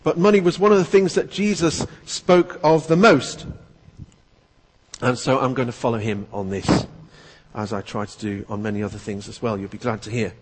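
A male preacher giving a relaxed, joking sermon to his church. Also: mid-range voice, moderate pace, slight background noise. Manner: conversational, jokey. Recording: long church reverb.

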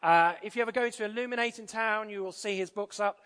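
A man's voice: high-pitched, quick pace, a bit bright, clear, resonant tone. A man preaching a sermon in a church, conversational with frequent fillers and restarts. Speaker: pastor. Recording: church hall reverb.

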